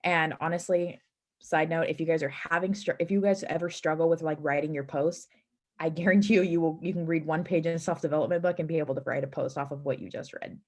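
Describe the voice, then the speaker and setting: A woman with a somewhat low voice shares earnest, practical advice on a team video call. She pauses on fillers and restarts now and then, in a steady, matter-of-fact tone.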